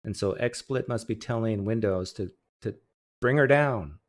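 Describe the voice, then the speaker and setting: A man's voice: on the low side, a little slow. A man hosting a casual livestream, joking sarcastically while he fights his microphone settings at a home streaming setup. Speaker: host. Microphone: desktop streaming mic.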